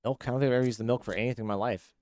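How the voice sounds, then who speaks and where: A man streaming a game live, chatting with viewers and reacting excitedly as he plays. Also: mid-range voice, racing, no room sound, studio quality. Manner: chatty, reads chat, excitable. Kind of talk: live gameplay commentary.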